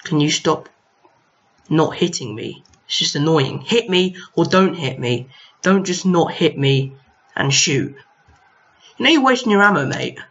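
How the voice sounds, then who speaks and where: A young gaming video host casually comments on his own gameplay, talking to on-screen enemies with mild exasperation. His voice is fairly high and a bit bright, a little slow, with lively intonation, recorded on a lo-fi home mic.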